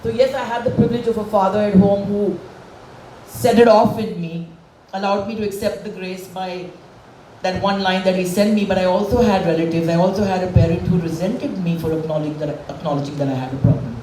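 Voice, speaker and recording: A woman's voice: mid-range voice, fairly even intonation, fairly quick, mellow, a little hiss or hum. A woman in her forties giving a candid, emotional personal speech at a public event. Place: event hall with a stage. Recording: echoey hall, voice from far off.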